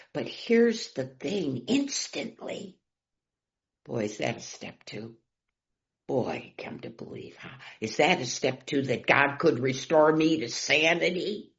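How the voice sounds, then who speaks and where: A middle-aged woman tells her recovery story at a meeting, her voice gravelly and slow-paced, dropping to whispers and rising to loud cries. The recording is dull and lo-fi. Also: sits low. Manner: emotional, swings from loud to whispered. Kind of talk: personal recovery share.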